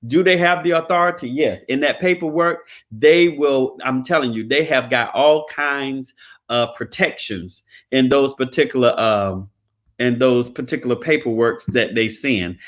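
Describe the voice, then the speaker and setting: A man's voice: medium pitch, measured pace, fairly bright tone. A man, talking in a preachy, emphatic, folksy way, giving motivational talk about credit. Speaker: credit repair business owner.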